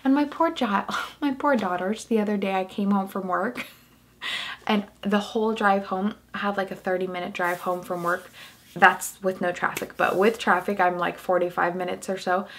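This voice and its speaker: A woman's voice: medium pitch, fairly even intonation, normal speed, slight background noise. A young woman talking openly in a casual personal vlog, rambling and restarting often. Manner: candid, rambling, with many restarts and "like". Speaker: vlogger.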